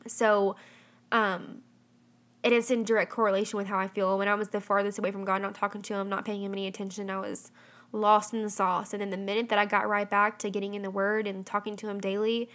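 A woman's voice: medium pitch, flat delivery, fast, a bit bright. A young woman hosting a casual solo podcast, chatty and full of "um" and "like". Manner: chatty, heavy on fillers like "um" and "like". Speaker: podcast host.

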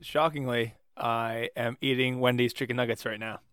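Man, priest, podcast co-host, smooth clear voice, dry close sound, animated. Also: medium pitch, moderate pace, dry recording. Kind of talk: casual podcast chat.

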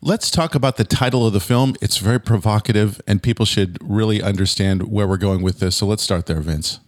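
A lower-pitched male host speaks in a dry, close recording with no room echo. He introduces his guest with upbeat emphasis and then poses pointed questions. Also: a little fast. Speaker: podcast host.

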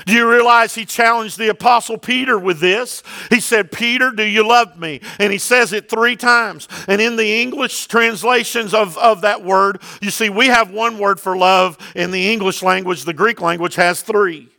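A male pastor preaching a sermon emphatically, with loud bursts and rhetorical questions to the congregation. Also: high voice, steady tone, normal speed, gravelly, hardly any pauses.

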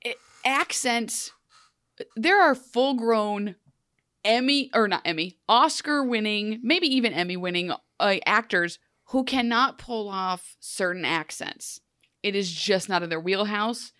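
A woman's voice: medium pitch, lively intonation, a little slow, fairly bright tone, dry recording. Emphatic woman, dry close sound. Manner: emphatic, rambling opinions with restarts. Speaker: podcast co-host. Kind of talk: casual chat recapping a TV show.

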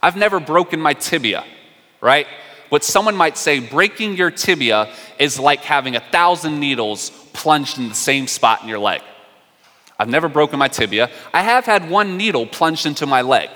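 A man preaching a sermon in a bright, clear voice, explaining things in an easy, conversational way with the odd aside. His voice rings out with a long hall reverb around it. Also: a little high, expressive, normal speed. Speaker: pastor.

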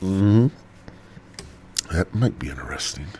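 A man's voice: deep voice, lively intonation, slow pace, dark tone, a little hiss or hum. Stoned guy rambling on his podcast, cussing a lot, stuffy nose, voice all over the place. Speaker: podcast host. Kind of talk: rambling solo podcast monologue.

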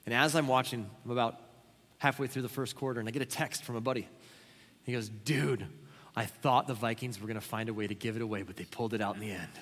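Animated preacher in a reverberant hall. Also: male voice, mid-range voice, fast. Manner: animated storytelling with sudden loud exclamations. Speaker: pastor. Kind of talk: sermon. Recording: long reverb of a large hall.

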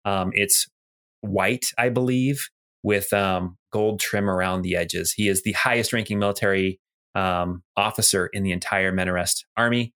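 A man narrating as game master of a tabletop role-playing game, relaxed, with frequent ums and restarts. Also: sits low, normal speed.

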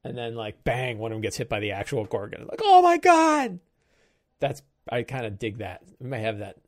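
A man hosting a game-prep show, thinking aloud while he plans a tabletop session, musing in halting stops and restarts. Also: on the low side, steady tone.

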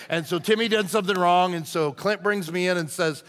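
A middle-aged man, a lead pastor, preaching with conversational storytelling that goes from lively to hushed and earnest. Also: a little high, fairly quick, few pauses, long reverb tail. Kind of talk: storytelling sermon.

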